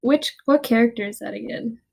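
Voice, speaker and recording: Young woman, fairly high voice, online call, casual podcast chat, easygoing. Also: brisk, creaky, darkish tone, husky. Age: young adult.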